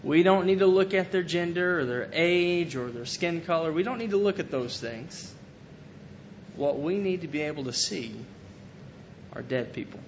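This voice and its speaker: A man's voice: expressive, moderate pace. A man preaching a sermon, earnestly retelling scripture and paraphrasing it in casual everyday speech. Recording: dull lo-fi recording with faint rumble.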